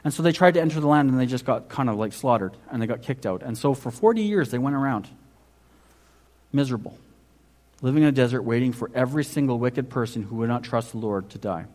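A man preaching a sermon, telling the story in a conversational way, asking the congregation questions and swinging between loud emphasis and hushed asides. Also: medium pitch, expressive, quick pace. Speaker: pastor.

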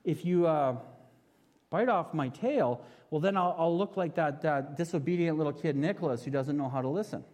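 A man's voice: fairly high pitch, moderate pace, a little mellow, natural voice. A man voicing a cheeky, disobedient little male monkey who talks in a hesitant, stumbling way, heard in a reverberant hall.

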